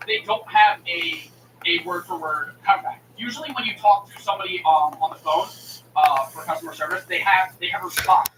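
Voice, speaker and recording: High-voiced streamer dude ranting and swearing, doing both sides of a phone call, echoey far-off mic. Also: male voice. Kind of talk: casual profane rant. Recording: echoey room mic from a distance with noise.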